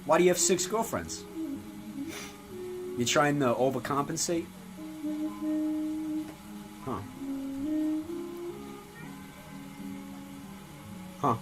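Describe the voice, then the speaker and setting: A man playing a gruff, foul-mouthed, middle-aged mob-style father in a comedy sketch. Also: a little high, lively intonation, takes it slowly, pauses often, rough recording. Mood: prodding. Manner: swaggering, profane, tough-guy drawl. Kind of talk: comedy sketch character acting. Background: music playing.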